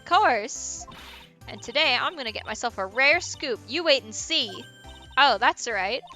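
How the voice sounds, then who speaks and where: A woman voicing a brash, loud female photographer with a put-on American Southern drawl. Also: sits high, a little slow, faint music behind, voice pushed up, exaggerated voice. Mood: brash, excited. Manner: loud, bold, excited.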